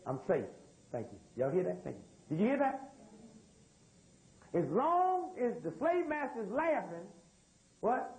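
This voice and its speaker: High-voiced man lecturing a live crowd. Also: huge pitch swings, unhurried, long pauses, a little mellow, poor audio. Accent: American. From United States. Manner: storytelling, keeps asking the crowd questions; drawling, loose spoken grammar. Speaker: speaker addressing an audience. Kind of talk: live lecture with call-and-response. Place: room with a live audience.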